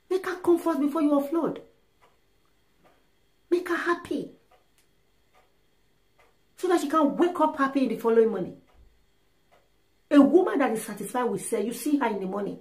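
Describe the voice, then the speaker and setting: A woman's voice: high-pitched, a little slow, long pauses. Emphatic woman giving advice in an echoey room. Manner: emphatic, animated, acts out little dialogues. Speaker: relationship and sex advice speaker. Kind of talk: casual advice monologue. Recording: roomy echo.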